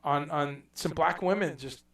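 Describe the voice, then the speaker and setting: A man hosting a casual livestream chat, telling stories in a rambling, animated way and dropping in profanity. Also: on the high side, a little slow, vocal fry, roomy sound, recorded from a distance. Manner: rambling, animated storytelling with mock accents and profanity. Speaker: livestream host.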